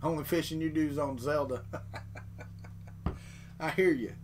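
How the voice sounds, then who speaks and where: A man's voice: fairly high pitch, fairly even intonation, slow, background noise. A middle-aged man, chatting casually and telling rambling folksy stories on a morning live stream. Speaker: 3D printing vlogger reading chat.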